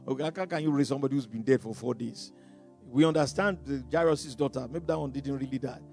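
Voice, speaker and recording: A man preaching a sermon. He is dramatic, bursts out loudly, chuckles between phrases, and stumbles over repeated words. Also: mid-range voice, fast talker, soft background music.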